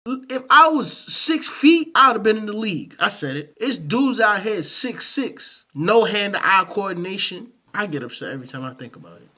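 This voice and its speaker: A man's voice: high-pitched, very animated, moderate pace, few pauses, pushed and bright. Slangy New York man reacting to clips. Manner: slangy, joking, talks to viewers directly. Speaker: reaction video host. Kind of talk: casual commentary on clips.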